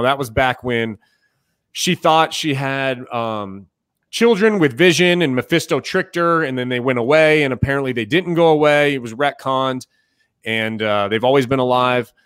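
A man's voice: medium pitch, normal speed, fairly bright tone, clear, resonant tone, dry recording, clean studio sound. A man co-hosting a casual comics chat, explaining the lore at length with plenty of fillers. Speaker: podcast co-host.

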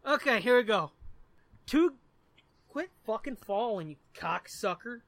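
Podcast co-host, man, mid pitch, bright tone, profane and giggly, dry close mic. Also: lively intonation, unhurried, dry recording. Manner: profane, laughs often, tells jokes. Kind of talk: casual chat.

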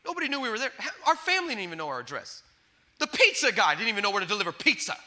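A man preaching a sermon with passion, swinging between loud declarations and hushed asides, telling stories with acted-out quotes and stammered restarts. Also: sits high, very animated, rapid-fire. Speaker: pastor.

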